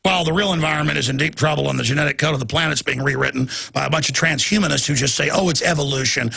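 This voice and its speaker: Man, talk host, gravelly fry-heavy voice, tense and forceful, ranting monologue, erupts into shouts. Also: fairly high pitch, steady tone, racing. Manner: impassioned, rants with sudden shouted bursts.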